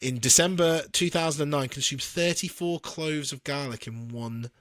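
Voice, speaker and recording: A man's voice: on the high side, moderate pace, fairly bright tone, no echo. British male podcast co-host, chatty and giggly, dry close mic, casual chat. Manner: chatty, laughs often while reading out facts.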